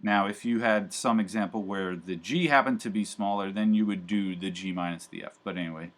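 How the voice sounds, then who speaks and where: Male professor lecturing a live class; lowish voice, loose chatty delivery full of ums and asides. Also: brisk. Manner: casual, chatty, many fillers and asides. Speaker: university math professor.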